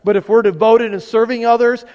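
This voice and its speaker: A man's voice: extremely high pitch, fairly even intonation, a little fast, darkish tone, dull audio. A male pastor preaching a conversational sermon to his church, often asking the congregation questions and repeating words as he goes. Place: church sanctuary. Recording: long hall reverb.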